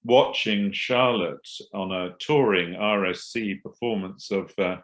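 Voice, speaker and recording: Older guy biographer, low voice but bright edge, lots of ums and restarts. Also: measured pace. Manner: hesitant, many fillers and restarts. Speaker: biographer guest. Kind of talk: conversational interview answer.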